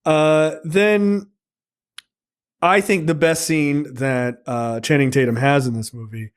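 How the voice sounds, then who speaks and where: A man's voice: fairly high pitch, fairly even intonation, takes it slowly, clean tone. A man co-hosting a casual film review podcast, talking bluntly with plenty of swearing and loose rambling. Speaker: podcast co-host.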